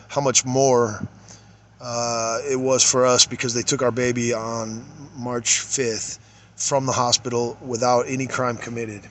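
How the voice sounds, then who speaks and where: A man reading case notes aloud and commenting on them, halting, with many fillers, trailing off quietly at times. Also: medium pitch, a little hiss or hum.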